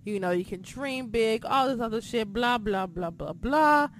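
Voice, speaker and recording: A woman hosting a podcast, recapping in casual chat, excitable and profane, swinging between shouting and muttering. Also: on the high side, normal speed, crowd noise. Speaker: podcast host.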